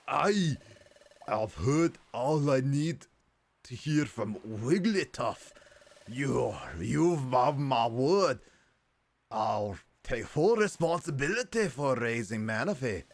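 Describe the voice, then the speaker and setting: A man voicing a big, solemn male walrus guardian in a put-on Scottish accent, loud and slow. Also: medium pitch, animated, pitched above the performer's own voice. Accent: Scottish, put on badly. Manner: loud, slow, drawn-out vows.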